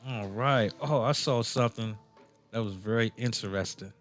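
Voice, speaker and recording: Low-voiced rambling sports radio host. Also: male voice, moderate pace, faint music behind. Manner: rambling and playful, with many fillers and self-corrections. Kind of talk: casual sports talk.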